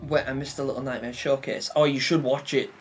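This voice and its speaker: Young male streamer, casual rambling chatter full of fillers, middle pitch, music underneath. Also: flat delivery, a little fast. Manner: rambling, filler-heavy, chuckling. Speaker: livestreamer. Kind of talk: casual livestream commentary.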